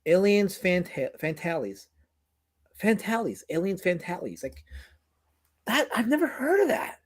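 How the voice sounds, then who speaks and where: A man from New York hosting a casual chat show, rambling and animated, repeating his words. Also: high voice, a little slow. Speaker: podcast host.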